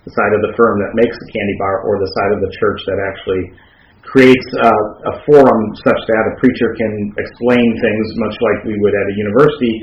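A man's voice: fairly low pitch, fairly even intonation, fairly quick, a little hiss or hum. A man co-hosting a podcast, explaining ideas in a thoughtful, academic way with frequent restarts. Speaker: podcast co-host. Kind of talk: casual academic discussion. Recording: roomy, dull lo-fi sound.

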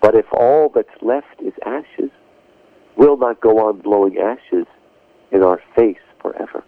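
A man voicing a wise elderly male guide, measured and solemn, over a phone line. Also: lowish voice, no echo, natural voice. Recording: phone-line call on radio, dry.

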